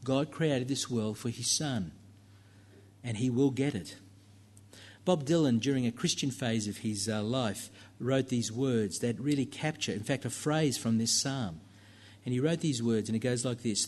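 A man's voice: medium pitch, a little slow, darkish tone. A man preaching a sermon in a church, talking conversationally with fillers and asides to the congregation.

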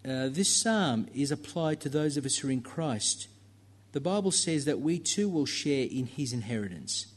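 A man preaching a sermon in a church, talking conversationally with fillers and asides to the congregation. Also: fairly high pitch.

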